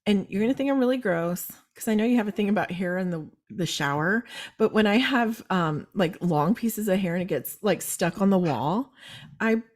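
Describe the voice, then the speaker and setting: A woman hosting a casual chat, telling stories in an animated, chatty way. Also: medium pitch, normal speed. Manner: chatty, animated storytelling with laughs. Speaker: host.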